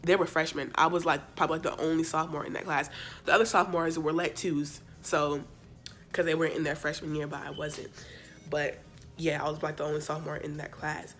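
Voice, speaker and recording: A young woman casually telling a storytime, chatty and animated, with sassy asides to her viewers. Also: deep voice, fairly quick. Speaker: vlogger. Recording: faint background music.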